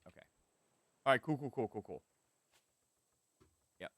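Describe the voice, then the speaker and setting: A man streaming a survival game, giving animated, swear-laden commentary and chatting with his viewers. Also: mid-range voice, a little slow, no echo. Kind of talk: live gameplay commentary.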